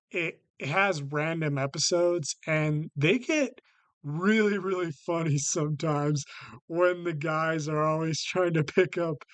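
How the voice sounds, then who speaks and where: Guy doing a slow rambly show-ranking vlog, lots of ums and restarts, dry sound. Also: on the high side, clean tone, dry recording. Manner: halting, many fillers and restarts, repeats "basically". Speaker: vlog host ranking TV shows. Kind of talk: casual unscripted talk to camera.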